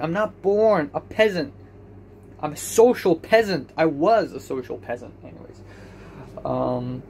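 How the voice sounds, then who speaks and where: A man's voice: fairly high pitch, darkish tone, a little hiss or hum. A young man talking in an anxious, self-deprecating ramble with many repetitions in a personal video diary. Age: young adult. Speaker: vlogger.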